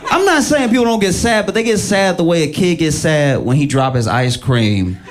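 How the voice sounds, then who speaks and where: A man doing stand-up comedy, musing slowly with hesitant fillers. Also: fairly high pitch, animated. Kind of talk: stand-up routine.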